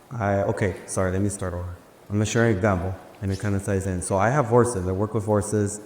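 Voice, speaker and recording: A man casually telling a personal story at a live event, animated and slangy, acting out the dialogue. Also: lowish voice, a little hiss or hum. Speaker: speaker sharing a personal story. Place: large room before a live audience. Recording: echoey hall with faint ambience.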